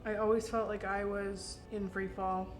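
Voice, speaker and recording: A young woman YouTuber in a casual couple chat, speaking softly and heartfelt, laughing easily. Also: medium pitch, little pitch movement, normal speed, roomy sound, faint music behind.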